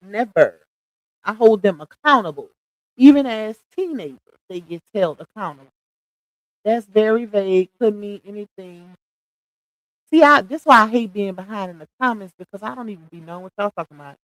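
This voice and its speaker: A woman's voice: mid-range voice, animated, normal speed, dry recording, low-quality recording. A middle-aged woman hosting a casual live-stream gossip chat. She reads viewer comments aloud and reacts with sassy slang, laughing often. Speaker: livestream host reading chat comments.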